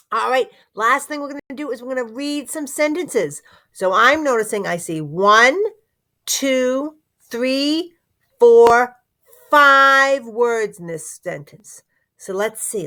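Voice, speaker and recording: A woman teaching a phonics lesson to young children, sounding out words slowly and encouraging them. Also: a little high, expressive, sharp tone.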